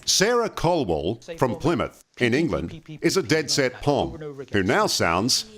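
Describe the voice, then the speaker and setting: A man's voice: medium pitch, wildly swooping pitch, a little slow, a bit bright. Breezy male reporter. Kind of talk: TV presenting.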